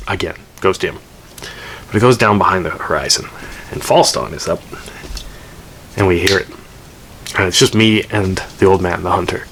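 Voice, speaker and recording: A man's voice: lowish voice, a bit bright, slight background noise. A man telling a dramatic first-person story, swearing and drifting into rambling asides. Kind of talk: told story.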